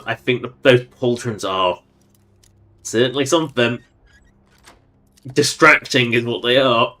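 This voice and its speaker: A man's voice: mid-range voice, a bit bright. A man giving playful, rambling gameplay commentary on a livestream. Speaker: streamer.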